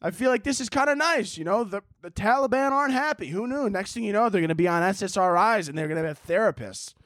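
A man's voice: high voice, lively intonation, fast talker, fairly bright tone, dry recording, clean studio sound. A man hosting a comedy podcast, talking in a crude, sarcastic monologue and laughing at his own jokes. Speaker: podcast host.

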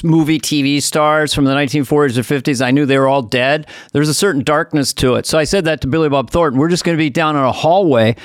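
A middle-aged man on a podcast with a somewhat high voice for a man. He talks in an earnest, rambling way. The sound is close and dry. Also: fast, hardly any pauses, no room sound. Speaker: podcast co-host. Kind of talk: casual chat.

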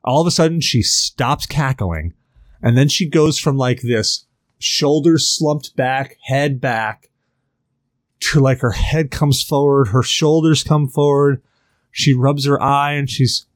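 A man's voice: mid-range voice, normal speed, dry recording. A man in his thirties spins a long story in casual podcast chat. He is rambling and profane, with lots of fillers, and his voice sits in a middle range. The sound is dry and close. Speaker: podcast host.

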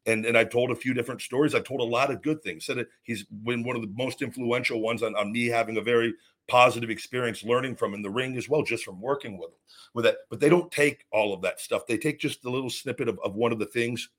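A man with a mid-range, fairly bright voice talks fast on his own podcast. His monologue is a heated, profane rant, and he keeps restarting his sentences.

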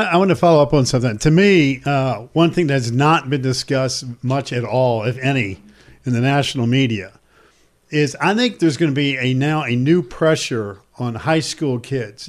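A man's voice: medium pitch, normal speed. A man hosting a sports talk discussion, speaking earnestly and emphatically.

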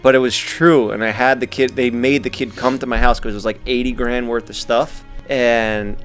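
A man's voice: medium pitch, fairly even intonation, normal speed, soft background music. A man in his thirties co-hosting a podcast, telling stories in a laid-back, slangy way. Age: 30s. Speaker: podcast co-host. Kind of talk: casual chat.

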